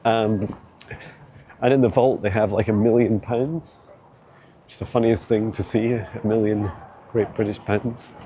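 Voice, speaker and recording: A man's voice: lowish voice, steady tone, unhurried, long pauses, warm tone, a little hiss or hum. A man rambling casually while walking outdoors through city streets, filming on a handheld phone, chatty and laughing often. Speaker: vlog host. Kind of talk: walking tour vlog.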